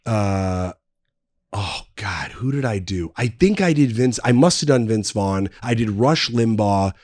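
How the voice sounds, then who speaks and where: A man's voice: lowish voice, animated, unhurried, a little mellow, dry recording, clean studio sound. A man in his thirties, a podcast guest, telling long anecdotes in casual chat, full of fillers and restarts. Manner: rambling anecdotes with many fillers. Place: podcast studio.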